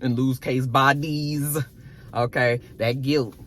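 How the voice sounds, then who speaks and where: A woman recapping a TV episode in a casual vlog, telling it with slangy asides and animated delivery. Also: very deep voice, takes it slowly. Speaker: TV episode reviewer.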